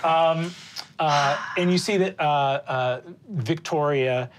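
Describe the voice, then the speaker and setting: A woman narrating as game master of a tabletop game, halting with many fillers. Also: low voice, a crowd in the background.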